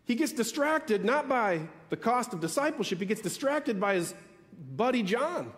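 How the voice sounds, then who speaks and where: A man preaching a sermon as pastor, emphatic, repeating key phrases with dramatic pauses. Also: very high voice, sing-song, a bit bright, long reverb tail.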